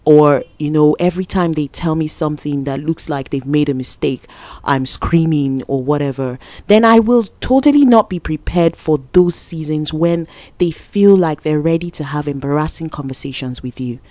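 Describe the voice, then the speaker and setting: A woman with a lowish voice delivers a motivational talk in a relaxed, conversational way. She repeats key phrases for emphasis. She gets lively and laughs easily when telling stories. The sound is dry and close, with no room echo. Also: normal speed. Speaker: motivational speaker.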